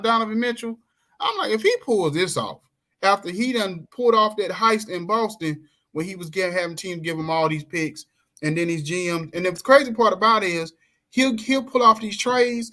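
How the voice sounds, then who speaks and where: Animated man telling stories. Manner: animated storyteller, acts out quoted voices, swings pitch widely. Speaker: coach and podcast guest. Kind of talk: casual chat.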